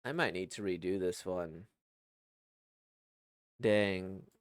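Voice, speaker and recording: A man's voice: low-pitched, slow pace, no echo, clean studio sound. A man casually reacting to a webcomic he reads, rambling and reflective, with many fillers and restarts.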